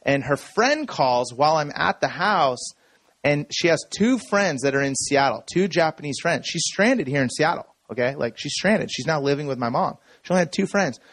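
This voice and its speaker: A man telling a personal story from the stage in a relaxed, conversational way, checking in with the audience as he goes. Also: on the high side, moderate pace. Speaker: speaker. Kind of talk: conference talk.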